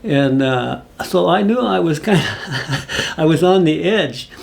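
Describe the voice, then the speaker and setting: Gravelly-voiced man telling a folksy story. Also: fairly high pitch, animated, a little slow. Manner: rambling, folksy storytelling with asides. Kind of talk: casual spoken anecdote.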